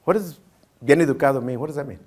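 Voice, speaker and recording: A man giving a storytelling keynote speech, animated, mixing Spanish phrases into his English. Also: mid-range voice, quick pace. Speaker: keynote speaker.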